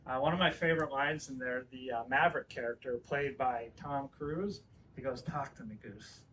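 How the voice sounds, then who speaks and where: A man about fifty telling a personal story in a sermon, animated, swinging between loud exclamations and quiet asides. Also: mid-range voice, moderate pace, distant mic, slight background noise, poor audio. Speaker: guest speaker at a spiritual center. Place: church hall.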